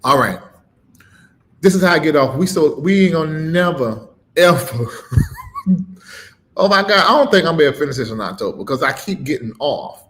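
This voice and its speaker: A middle-aged man preaching on a live stream, emphatic and informal, swinging between loud punches and low murmurs and repeating phrases with a rising cadence. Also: expressive, fairly quick. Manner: informal, dropped verb endings. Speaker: preacher and livestream host.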